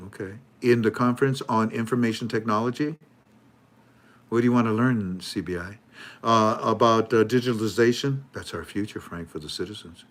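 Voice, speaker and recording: Joking man reading news aloud. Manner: joking, mocking, laughs often, acts out officials in a high voice. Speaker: host. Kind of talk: casual commentary reading news articles.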